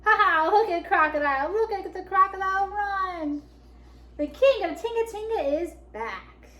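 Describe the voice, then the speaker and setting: A woman's voice: sing-song, normal speed, a bit bright. A woman voicing a proud male lion king who roars boldly. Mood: commanding. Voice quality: booming roars, grows from timid to commanding. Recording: echoey room.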